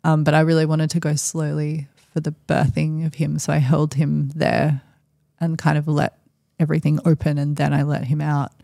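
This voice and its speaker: A woman's voice: low-pitched, completely flat delivery, normal speed, vocal fry, warm tone, no room sound, studio quality. A woman, a podcast guest, telling a personal story in a chatty, rambling way with lots of fillers. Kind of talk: casual storytelling.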